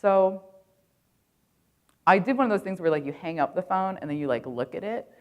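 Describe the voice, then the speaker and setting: A woman's voice: lowish voice, expressive, normal speed, highs cut off. A woman in her thirties giving a conference keynote, telling a casual, profane story packed with "like" fillers. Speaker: keynote speaker. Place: conference stage.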